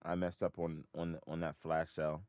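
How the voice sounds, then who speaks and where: A man trading options and talking to himself, frustrated and swearing, swinging from loud outbursts to low mutters. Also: completely flat delivery, normal speed, dry recording, studio quality. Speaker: options day trader.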